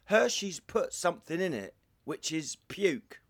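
A man's voice: on the high side, big pitch swings, a little slow. A young man hosting a podcast, telling rambling, jokey stories with crude asides in casual chat. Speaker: podcast host.

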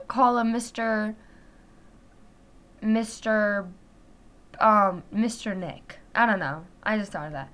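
A teenage girl telling a casual storytime, chatty and animated, filling her talk with "like". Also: high voice. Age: teens. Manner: chatty, heavy use of "like", animated retelling. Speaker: vlogger.

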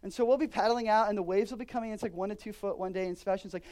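A man in his thirties, a pastor preaching a sermon, swinging between loud emphatic declarations and quiet earnest asides. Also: high-pitched, steady tone, rapid-fire, hardly any pauses.

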